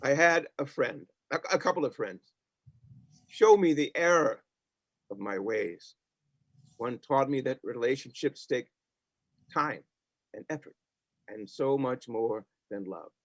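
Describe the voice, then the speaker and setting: A man's voice: medium pitch, animated, unhurried, pauses often, no echo. An actor playing a reformed, once-stingy old boss who now speaks earnestly and emotionally to his family and employee. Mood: remorseful. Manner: earnest, emotional, sometimes hushed. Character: reformed old miser boss, newly warm. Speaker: stage actor. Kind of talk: community theatre acting.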